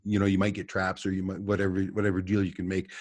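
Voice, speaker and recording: Male guest, deep and husky, rambling storyteller who laughs a lot. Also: completely flat delivery, fast, darkish tone, no room sound. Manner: rambling storyteller, chuckles often. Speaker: guest trapper. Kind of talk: casual podcast chat. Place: office.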